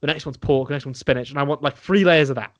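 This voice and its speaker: A man's voice: mid-range voice, fast talker, dry recording. Enthusiastic young man chatting. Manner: enthusiastic, restarts and swears while enthusing. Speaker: podcast co-host. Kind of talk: casual chat over beers.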